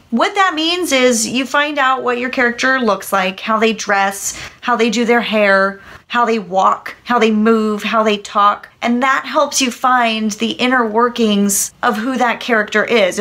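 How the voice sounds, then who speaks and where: A woman's voice: on the high side, fairly bright tone. A young woman hosting a casual vlog about acting, chatty and giggly. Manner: chatty and giggly, trying out accents. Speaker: channel host.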